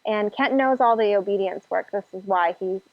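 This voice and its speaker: A woman's voice: medium pitch, normal speed, no room sound. A woman casually telling a personal story, acting out her own past reactions with lots of "like" fillers. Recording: dull lo-fi sound, faint music behind.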